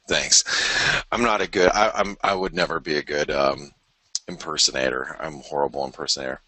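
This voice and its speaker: A man's voice: extremely low pitch, steady tone, moderate pace, long pauses, bright, forceful tone, no echo. A man hosting a live market show, casually talking through charts as he thinks aloud, with self-deprecating asides. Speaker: forex market commentator, show host.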